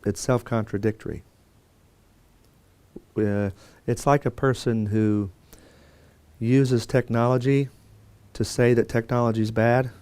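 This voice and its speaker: A man's voice: medium pitch, fairly even intonation, slow, long pauses, darkish tone, clear, resonant tone, no echo. A man teaching a Bible course in a conversational lecture style, with fillers and restarts and quotes acted out. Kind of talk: classroom lecture.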